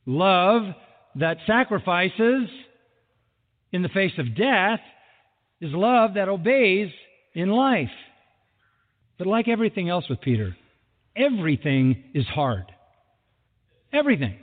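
A man preaching a sermon with lively delivery who acts out the people he quotes, recorded in a large hall. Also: sits high, slow pace, long pauses. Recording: phone-like sound with long hall reverb.

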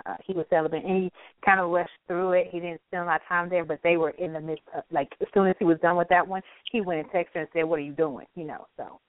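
A woman's voice: fairly low pitch, no room sound, narrow, tinny audio. A woman co-hosting a radio talk show in casual chat, laughing often.

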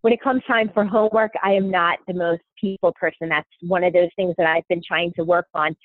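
A woman's voice: lowish voice, steady tone, fairly quick, no room sound. Woman host on a tinny call line. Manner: chatty, self-deprecating, many fillers. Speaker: podcast host. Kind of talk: casual podcast chat. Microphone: remote call. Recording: thin phone-like call audio.

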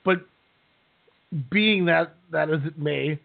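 A man's voice: on the high side, slow pace, vocal fry. A man co-hosting a podcast, chatting casually and jokily with lots of restarts. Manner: rambling, jokey, with many restarts. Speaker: podcast co-host. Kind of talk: casual chat recapping a reality show. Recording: tinny phone-like line.

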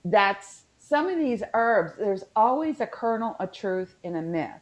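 A woman's voice: mid-range voice, big pitch swings, a little slow. A woman from West Virginia with a Southern Appalachian accent, chatting casually and rambling with lots of fillers on a video call podcast. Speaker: podcast co-host. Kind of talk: casual chat.

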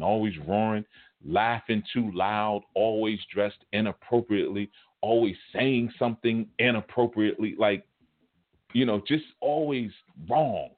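Low-voiced man telling stories, phone-quality sound. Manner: animated, colloquial, chuckles mid-story. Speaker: spiritual teacher. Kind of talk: casual storytelling lecture. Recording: phone-like narrow band audio.

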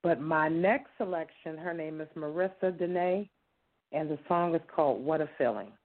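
An easygoing co-host chatting about song picks, with folksy fillers. The voice sits at a middle pitch. It comes through a thin, phone-like line. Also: moderate pace. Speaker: co-host picking songs. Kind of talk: casual radio-style chat. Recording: tinny phone-line sound.

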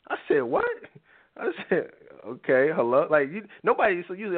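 A man's voice: high voice, big pitch swings, fairly quick. A man hosting a live talk show, lecturing his listeners in an emphatic, preachy monologue and acting out quoted lines in other voices. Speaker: show host. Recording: tinny phone-like audio.

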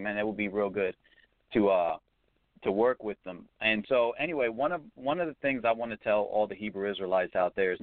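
A man with a low voice gives an earnest, preacherly testimony as a guest, pausing on fillers now and then. The sound is dry and close, with no room echo. It comes through a narrow, tinny phone-like line. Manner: sincere, preacherly, hesitant with fillers.

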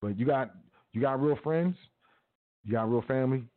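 A man's voice: mid-range voice, normal speed. Man preaching casually over a tinny line. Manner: casual, preachy, repetitive urging. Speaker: podcast host. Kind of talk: motivational talk. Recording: tinny phone-like audio.

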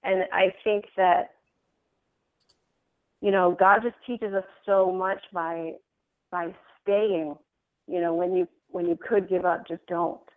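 A woman guest on a faith podcast, speaking gently and reflectively with pauses and restarts. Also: lowish voice, level tone, no room sound. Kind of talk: faith-based conversation. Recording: tinny phone line.

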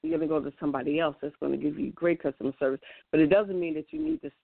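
A woman's voice: low-pitched, racing, creaky, no echo. A woman in a casual monologue, earnest and emphatic, often restarting her sentences. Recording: tinny, dry phone-like sound.

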